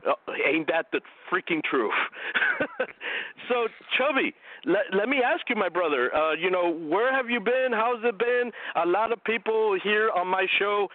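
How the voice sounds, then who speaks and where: A man hosts a wrestling radio show, his fairly high voice eager as he rambles through his opinions. He has a cold and sounds a little short of breath. The sound is thin and tinny like a phone line, with no room echo. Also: animated, measured pace.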